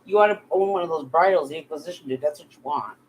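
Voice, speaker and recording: A woman's voice: sits low, quick pace, rough recording. Middle-aged woman vlogger, angry and profane, faint noise underneath. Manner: profane, heated, addresses bullies directly. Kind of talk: angry direct-to-camera rant.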